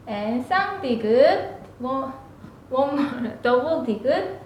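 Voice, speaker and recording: A woman with a Korean accent, a native Korean speaker teaching a beginner language lesson and repeating syllables with sharp emphasis. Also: sits high, expressive, unhurried, roomy sound.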